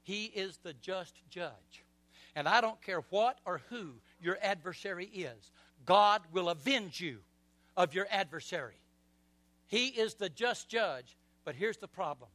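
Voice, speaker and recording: A middle-aged male preacher with a strikingly high, bright, forceful voice. He delivers an impassioned sermon, dropping soft and then surging loud, and leads the congregation in call-and-response. The sound is dry and close, with no room echo. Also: expressive, measured pace. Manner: swings between soft passages and loud surges. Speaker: pastor.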